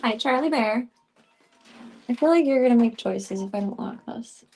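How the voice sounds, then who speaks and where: A woman's voice: a little high, lively intonation, fairly quick, vocal fry, mellow, breathy edge, faint music behind. A young woman streamer chatting casually at home, rambling and cooing baby talk at her cats. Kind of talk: casual chat while streaming.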